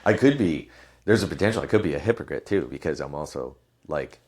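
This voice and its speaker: A man's voice: rumbling low, expressive, fast talker, a little mellow. A man talking as a podcast guest, casual, hedging his points, restarting sentences and swearing now and then.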